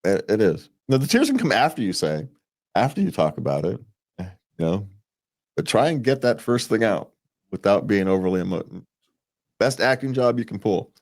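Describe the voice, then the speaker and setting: A man's voice: lowish voice, very animated, moderate pace, a little mellow. A man co-hosting a relationship advice show, talking casually, rambling with restarts and frequent chuckles. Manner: rambling, restarts and repeats words, chuckles often.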